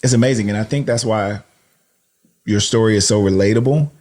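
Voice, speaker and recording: A man's voice: fairly low pitch, a little fast, a little mellow. A man interviewing friends on a podcast, asking questions in an encouraging, admiring way. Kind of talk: conversational interview.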